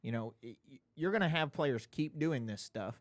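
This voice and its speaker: A man co-hosting a casual baseball talk show, conversational and quick to chime in. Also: medium pitch, lively intonation, no echo. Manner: conversational, quick to agree and interject. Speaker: podcast co-host.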